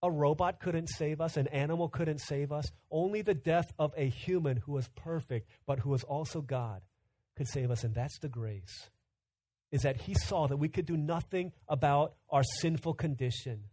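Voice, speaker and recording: This pastor, a man in his thirties, delivers his sermon conversationally, like he's telling a story, at a normal pace. His slightly high voice climbs to loud, urgent bursts before falling to a hushed quiet. There's no room sound.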